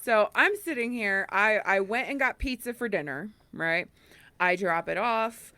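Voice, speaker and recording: A woman's voice: mid-range voice, animated, unhurried, pushed and bright, no room sound. A woman co-hosting a casual political chat podcast, telling stories animatedly and acting out quoted dialogue. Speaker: podcast co-host.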